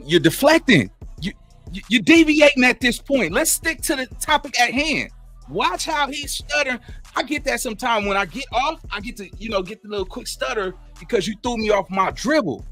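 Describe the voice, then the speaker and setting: Brief: male commentator, high voice, animated street-slang reaction over faint hip hop. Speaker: commentary host.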